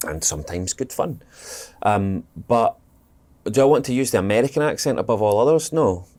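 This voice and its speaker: A man's voice: lowish voice, expressive, moderate pace, a little mellow. A Scottish man, a guest actor, talking casually in a podcast interview, thoughtful and rambling, with many fillers and restarts. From Scotland.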